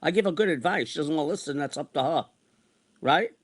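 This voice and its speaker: A man in his sixties delivers a long venting rant, circling back to the same complaints again and again. His voice sits a touch high for a man, and he sounds worn out and exasperated. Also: a little fast. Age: 60s. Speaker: online streamer. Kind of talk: ranting monologue.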